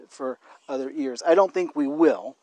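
A man co-hosting a casual conversational podcast, talking in a thoughtful, halting way and often restarting his phrases. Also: medium pitch, darkish tone, a little hiss or hum. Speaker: podcast co-host.

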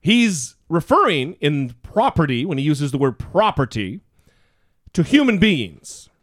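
A man's voice: a little high, a bit bright, no room sound, clean studio sound. A man co-hosting a podcast, giving casual political commentary in a sarcastic way and swearing often. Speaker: podcast co-host.

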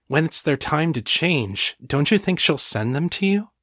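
A man reading a gentle, supportive young woman, speaking softly. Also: fairly high pitch, expressive, unhurried, no room sound, studio quality, pitched above the performer's own voice. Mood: tender. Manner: soft, gentle.

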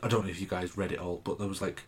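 A man's voice: low voice, little pitch movement, racing, slightly rough. A man, co-hosting a podcast in casual chat, blunt and teasing. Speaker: podcast co-host.

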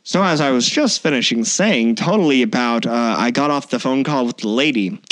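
A young man telling a story casually to friends, animated and profane. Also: mid-range voice, moderate pace.

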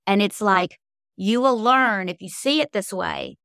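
A woman's voice: mid-range voice, a little slow, vocal fry, fairly bright tone, dry recording, clean studio sound. A middle-aged woman, a guest author, telling heartfelt faith-based stories in an interview with an earnest, emotional manner.

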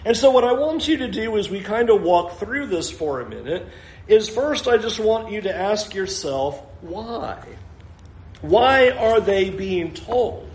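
High-voiced male pastor preaching. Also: expressive, unhurried, darkish tone. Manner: explanatory with dry humor. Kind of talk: expository sermon. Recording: roomy echo.

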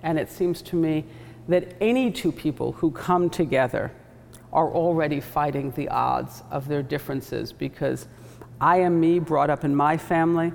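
A woman author with a measured, thoughtful delivery, reading from her novel and reflecting on it. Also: low voice, gravelly, a little mellow. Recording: echoey hall, faint background noise.

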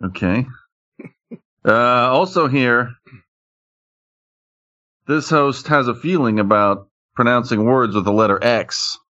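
A man's voice: medium pitch, takes it slowly, long pauses, bright, forceful tone. A man hosting a casual podcast, playfully introducing his co-hosts. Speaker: podcast host. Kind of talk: casual chat. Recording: dull lo-fi audio.

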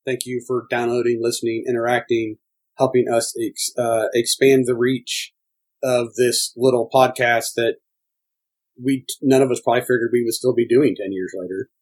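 A man co-hosting a podcast in casual chat, rambling and excitable, laughing often. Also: mid-range voice, normal speed, slightly rough. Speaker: podcast co-host.

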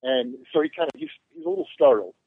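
Fast, with vocal fry, a slightly rough edge, and huge swings around a medium pitch, a convention organizer chats casually as a podcast guest. He tells long meandering stories with self-mocking jokes, captured on a tinny phone line without room sound.

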